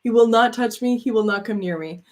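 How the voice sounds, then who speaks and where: A woman's voice: fairly high pitch, brisk, darkish tone. Chatty, rambling woman on a livestream. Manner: rambling and chatty, laughs often, many fillers. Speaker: host of a live chat stream. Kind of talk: casual chat answering viewer comments.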